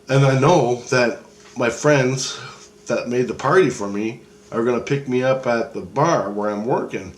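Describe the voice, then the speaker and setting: A middle-aged man, retelling a dream in a loose, profane, rambling way with many restarts. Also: mid-range voice. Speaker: vlogger.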